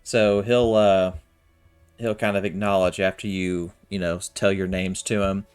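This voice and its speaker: A man's voice: deep voice, flat delivery, a little slow, smooth, soft background music. A man narrating as game master of a tabletop game, loose and hesitant, full of fillers. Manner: loose and hesitant, full of "kinda" and "you know".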